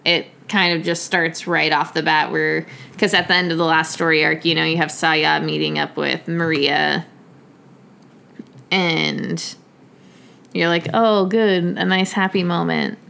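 Gravelly-voiced enthusiastic woman podcaster. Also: low-pitched, flat delivery, measured pace, sharp tone. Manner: enthusiastic, swears casually. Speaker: comics podcast co-host. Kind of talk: casual chat.

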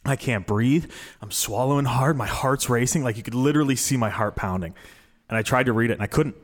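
A man's voice: mid-range voice, brisk. A young man hosting a casual chat in a broadcast studio, telling a story and acting out the people in it. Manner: animated storyteller who acts out quoted people with a raised voice. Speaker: host. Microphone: studio microphone.

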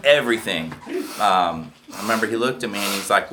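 A man's voice: lowish voice, normal speed, background noise. A man telling his recovery story in a candid, profane way, often checking in with "right?". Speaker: speaker sharing a recovery story. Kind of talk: personal storytelling.

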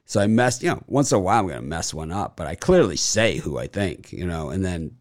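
A man's voice: low-pitched, very animated, fast, no room sound, clean studio sound. A man hosting a sports betting show, chatting casually, rambling with many fillers and boasting. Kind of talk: casual chat.

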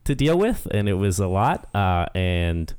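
A man's voice: sits low, sing-song, unhurried, a little mellow, smooth. A young man hosting a podcast, talking casually and a little hesitantly, with many fillers and frequent laughs. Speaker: podcast host. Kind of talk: casual chat.

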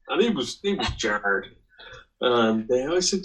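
A man's voice: mid-range voice, big pitch swings, moderate pace, fairly bright tone, low-quality recording. An Irish man, a guest on a podcast, telling a rambling, salty anecdote in casual chat. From Ireland. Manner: rambling, salty storyteller who swears.

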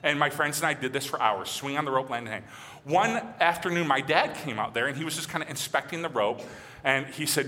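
A man from Michigan who preaches as a pastor, animated and acting out quotes in his sermon. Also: medium pitch, a little fast, big-room sound. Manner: animated, acts out quotes and voices.

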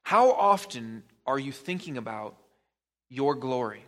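A man's voice: mid-range voice, sing-song, a little slow, a bit bright. A man preaching a sermon as pastor, pressing the listener with probing rhetorical questions and emphatic repetition.

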